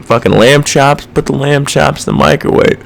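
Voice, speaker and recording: A man's voice: mid-range voice, moderate pace, creaky, voice pushed up. A man mocking a whiny clueless restaurant owner. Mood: oblivious. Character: clueless male restaurant owner, self-deluded.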